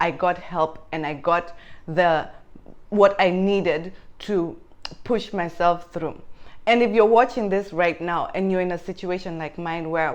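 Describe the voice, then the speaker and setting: Young woman, low-pitched voice, candid, earnest advice to viewers, motherhood vlog. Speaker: mother vlogger.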